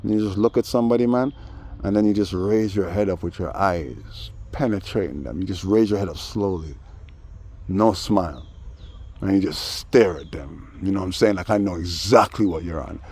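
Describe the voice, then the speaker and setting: Deep-voiced man. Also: moderate pace, husky. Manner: animated, acts out voices in quoted dialogue. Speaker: vlogger. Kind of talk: casual storytelling monologue.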